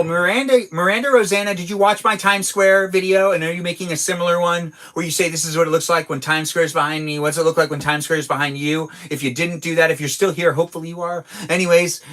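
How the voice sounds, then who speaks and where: Poor audio captures a man's slightly high, fairly bright voice as he hosts an easygoing livestream from his garage. He reads out viewer messages and responds playfully, wandering from topic to topic.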